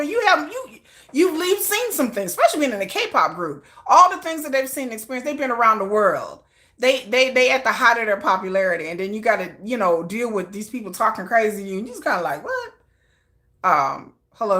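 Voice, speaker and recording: Lively Texan woman chatting. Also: on the high side. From Texas. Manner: animated, chatty, frequent restarts and laughter. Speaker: K-pop news livestream host. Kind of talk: casual livestream chat.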